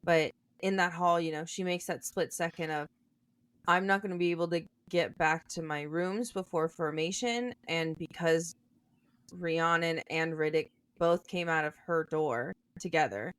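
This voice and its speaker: A woman's voice: deep voice, a little slow, a bit bright, no echo. A young woman co-hosting a podcast, chatting casually about a book and thinking her points through aloud. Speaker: podcast co-host.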